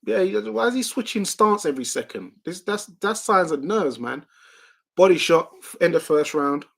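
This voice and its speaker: Excitable man calling a fight. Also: sits high, moderate pace, creaky. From United Kingdom. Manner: excitable play-by-play, reading out viewer comments. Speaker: watch-along host. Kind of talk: live fight commentary.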